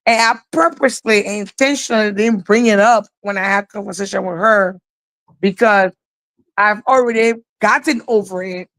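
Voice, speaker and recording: A woman's voice: medium pitch, normal speed, fairly bright tone, no echo, low-quality recording. Woman co-host of a live talk stream, heartfelt rambling storyteller, dry close sound. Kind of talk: live online talk show.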